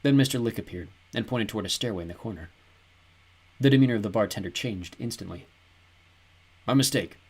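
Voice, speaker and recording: Husky low-voiced male narrator. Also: fast talker. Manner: even, descriptive storytelling. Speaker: audiobook narrator. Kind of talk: scripted narration.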